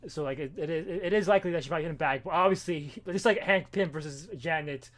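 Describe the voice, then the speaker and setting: A man's voice: a little high, a bit bright. A man co-hosting a podcast, chatting casually about a comic, with lots of restarts and repeated words. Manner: rapid, restarts sentences often. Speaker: podcast co-host. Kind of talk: casual chat.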